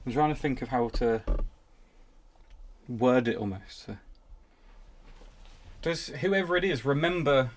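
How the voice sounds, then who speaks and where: A man's voice: medium pitch, slow pace, long pauses. A British man, a paranormal investigator, thinking aloud and chatting casually during a ghost hunt.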